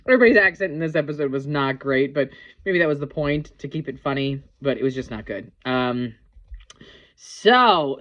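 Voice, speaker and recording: A woman's voice: low-pitched, lo-fi sound. A woman casually reviewing a TV episode, rambling with lots of ums and likes. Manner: rambling, filler-heavy, chatty.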